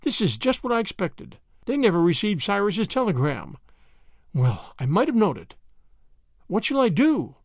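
A man's voice: high-pitched, big pitch swings, moderate pace, dry recording, clean studio sound, full character voice. A man reading aloud, voicing a kindly, stubborn and fussy old grandmother who exclaims her worries. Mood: fretful. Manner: exclaiming, fussy, warm-hearted.

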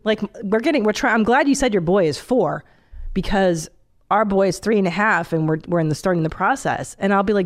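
A woman's voice: mid-range voice, fast. A woman in her forties hosts a casual podcast chat. She talks bluntly and animatedly, dropping swear words freely and jumping from rant to laughter. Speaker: podcast host.

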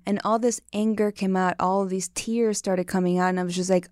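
A woman guest coaching on intimacy, telling her story in an earnest, expressive way. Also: medium pitch, fairly quick, hardly any pauses, no echo, clean studio sound. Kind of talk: casual interview chat.

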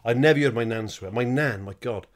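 A man co-hosting a podcast, swearing freely and telling an animated comic story. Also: medium pitch, a little fast. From Wales. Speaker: podcast co-host. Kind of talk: casual comedy chat.

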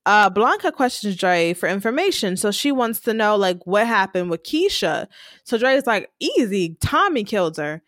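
A woman co-hosting a podcast, recapping a TV episode in casual chat and acting out the characters' lines in quick voices. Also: mid-range voice, lively intonation, fairly bright tone, no echo, clean studio sound.

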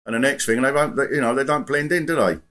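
A man's voice: medium pitch, quick pace, a bit bright, voice pushed up, natural voice. A man playing a muddled, bigoted middle-aged radio caller in improvised comic role-play, with an indignant, rambling and evasive manner. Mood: grumbling.

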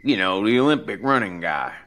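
A man voicing a heavyset, crude middle-aged man who jokes roughly and swears freely. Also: fairly low pitch, lively intonation, brisk, a bit bright, voice pushed up. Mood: sheepish joking. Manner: joking, rough, profane.

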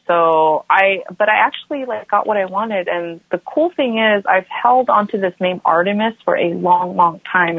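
Woman in her thirties, lowish voice, lively storyteller who does family voices, phone-line audio, dry. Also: creaky, no echo. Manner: animated, acts out family members' voices. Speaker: podcast guest. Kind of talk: casual storytelling.

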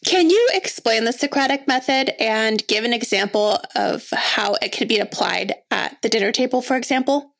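Woman hosting a podcast, kinda high voice, eager and encouraging with her questions. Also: normal speed, vocal fry, hardly any pauses, a bit bright. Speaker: podcast host. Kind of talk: interview questions.

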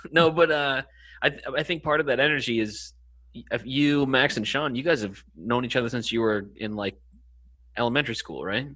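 Podcast host guy on a video call, tense bright voice, jokes around, swears. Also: medium pitch, moderate pace. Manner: joking, swears. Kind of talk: casual podcast chat.

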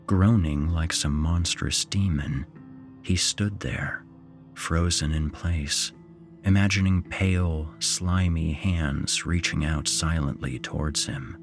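A man narrating a horror story in a slow, suspenseful way. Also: deep voice, music in the background.

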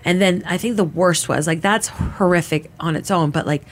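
A woman in her thirties giving a candid personal account in halting, casual speech full of "like" fillers and restarts. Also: on the low side. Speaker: interviewee recounting her experience.

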